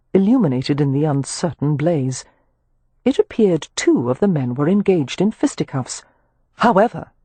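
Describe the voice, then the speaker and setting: An audiobook narrator reading a historical romance with expressive, animated storytelling. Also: medium pitch, slightly rough, no room sound.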